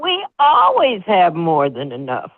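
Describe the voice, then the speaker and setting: A woman hosting a spiritual group call, leading call-and-response affirmations in a lively, folksy, preacherly way. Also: fairly low pitch, unhurried, a crowd in the background. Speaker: host. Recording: tinny phone-line audio.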